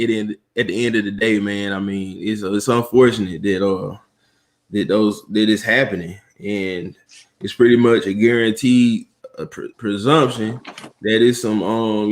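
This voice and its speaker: Slow, low-voiced man musing. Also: fairly even intonation. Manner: slow, thoughtful, with many pauses and fillers. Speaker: guest. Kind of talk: casual livestream chat. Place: in Atlanta.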